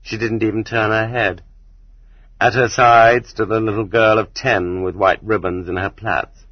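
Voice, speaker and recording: Man, audiobook narrator, husky, low-pitched, measured reading, dry, muffled cassette sound. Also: dry recording. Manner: steady, measured reading that rises sharply for quoted shouts. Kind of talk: scripted narration.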